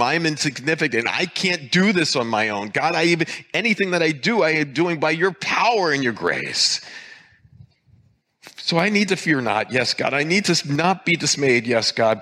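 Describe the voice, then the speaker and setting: A male pastor preaching a sermon with emphasis, repeating key phrases and slowing down to stress single words. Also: medium pitch, sharp tone.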